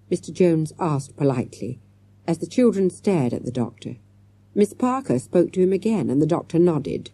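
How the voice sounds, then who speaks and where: A woman with a very dark, husky voice reads a storybook aloud. Her pitch sits low but moves a lot, and the recording is close and dry. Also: animated, normal speed, dry recording. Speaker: audiobook narrator. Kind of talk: storybook narration.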